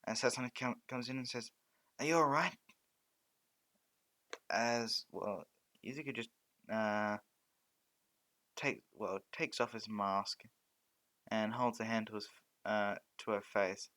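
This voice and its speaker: A man narrating a fan story off the cuff, halting often with restarts and stumbles. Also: lowish voice, little pitch movement, a bit bright.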